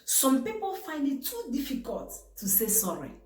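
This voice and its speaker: A woman's voice: sits high, huge pitch swings, moderate pace. Emphatic Nigerian woman, echoey room. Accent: Nigerian English. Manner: emphatic, rhetorical questions, sudden exclamations. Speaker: vlogger giving marriage advice. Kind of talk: preachy advice talk to camera.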